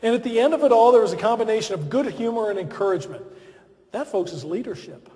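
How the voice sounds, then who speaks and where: Guy doing a funny self-deprecating dinner speech, pretty high voice, big echoey hall. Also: fast. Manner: self-deprecating, lively storytelling. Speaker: after-dinner speaker. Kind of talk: humorous anecdotal speech. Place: large banquet hall. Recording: reverberant banquet hall.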